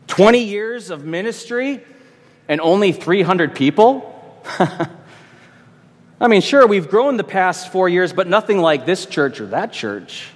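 Emphatic preaching pastor in a reverberant hall. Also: male voice, sits high, very animated, measured pace, pauses often. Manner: emphatic preaching with rhetorical questions and repetition. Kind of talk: expository sermon.

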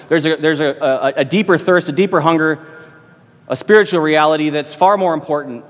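A man's voice: on the high side, normal speed, in a large hall. A man who is a pastor, preaching an expository sermon with emphatic repetition and rhetorical questions.

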